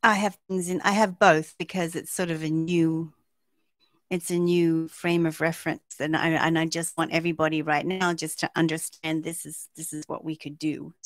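A woman's voice: low voice, flat delivery, moderate pace, dry recording. A woman co-hosting a show, chatting casually and hesitantly, often restarting her sentences. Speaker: co-host. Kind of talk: casual chat.

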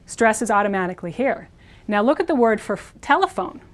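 Woman teaching slow, careful pronunciation. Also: mid-range voice, lively intonation. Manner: explains rules step by step. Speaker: Spanish teacher. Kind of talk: recorded language lesson.

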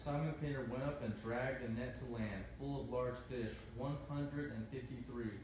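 A man from the congregation reading a Bible passage aloud in a plain, steady voice. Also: medium pitch, moderate pace. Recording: distant voice in an echoey room with noise.

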